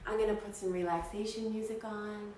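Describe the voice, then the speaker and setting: A woman teaching kids' yoga, telling a story in a playful, animated, encouraging way. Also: mid-range voice, a little fast. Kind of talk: storytelling yoga class for children. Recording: echoey room, voice far from mic, faint noise.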